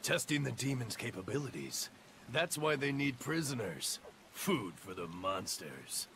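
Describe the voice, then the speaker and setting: Brief: speculative fisherman for a game, gravelly, faint hiss. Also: medium pitch, big pitch swings, measured pace, a bit bright, exaggerated voice. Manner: dry, speculative, joking. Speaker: fisherman townsperson in a video game. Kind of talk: video game voice acting.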